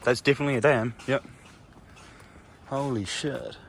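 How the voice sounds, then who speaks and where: An Australian man vlogging casually outdoors on a bush walk, swearing and getting excited, recorded on a handheld camera. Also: medium pitch, normal speed, creaky. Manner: sweary, excitable, shouts to test the echo. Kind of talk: casual vlog chat while hiking.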